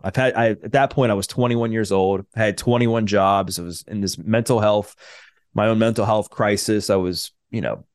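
Man, low voice, dry close sound, earnest storytelling, lots of fillers. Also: fairly even intonation, moderate pace, smooth, dry recording. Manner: earnest, many fillers and restarts. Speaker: podcast guest, personal trainer. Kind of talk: personal storytelling.

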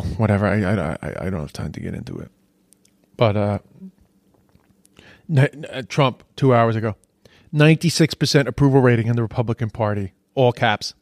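Clean, dry studio audio captures a man with a mid-range voice ranting about social media posts. Indignant and sweary, he reacts to the posts and repeats himself once he's heated.

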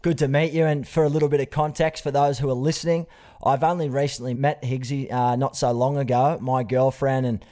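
Aussie bloke hosting a podcast, chatty and friendly, mid-pitched voice. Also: male voice, little pitch movement, fairly quick, dark tone. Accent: Australian. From Australia. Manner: friendly, matey, uses "mate" often. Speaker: podcast host. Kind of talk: podcast interview.

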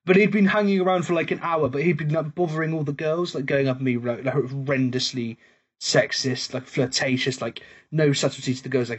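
A man's voice: mid-range voice, steady tone, fairly quick, husky, lo-fi sound. A man co-hosting a casual pub podcast, telling a story animatedly, laughing and swearing often. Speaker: podcast co-host.

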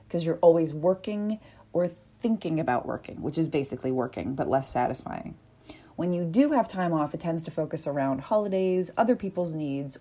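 A woman's voice: deep voice, warm tone. A woman hosting a solo podcast, talking candidly and casually, swearing now and then and acting out panicked inner voices. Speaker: podcast host.

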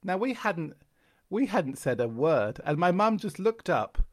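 A middle-aged Irish man, a guest comedian, telling lively stories in conversation and slipping into character voices. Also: high-pitched, measured pace. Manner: animated raconteur, slips into character voices. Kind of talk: conversational storytelling.

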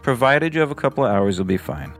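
A man's voice: medium pitch, very animated, fast talker, a bit bright, soft background music. A man giving a matter-of-fact cooking tip on the radio. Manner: plain, matter-of-fact advice.

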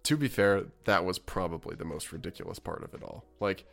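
A man with a very low voice chats casually as a podcast co-host, rambling through restarts and laughing often. Faint music hums underneath him. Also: expressive, fairly quick, creaky, a bit bright. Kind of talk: casual chat.

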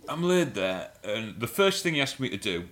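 A man with a low, bright and forceful voice, spinning a rambling comic story in casual podcast chat. He swears freely and laughs as he goes. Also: sing-song, normal speed, slight background noise. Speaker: podcast co-host.

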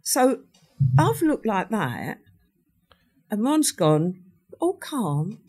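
A woman's voice: mid-range voice, big pitch swings, very slow, darkish tone, breathy edge. Older woman telling her story, acts out what everyone said, plain mid voice. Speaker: interview guest. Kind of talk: recounting a true crime story.

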